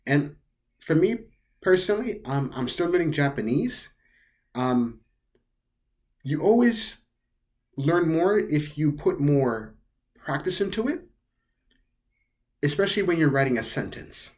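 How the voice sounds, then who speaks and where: A host teaching pronunciation at an unhurried pace, saying each word over and over before explaining it. The voice is soft and a little breathy, and the pitch rises and falls a lot from word to word. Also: very animated. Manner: repeats each word several times, carefully; explains step by step in plain words. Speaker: language teacher. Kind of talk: slow pronunciation lesson.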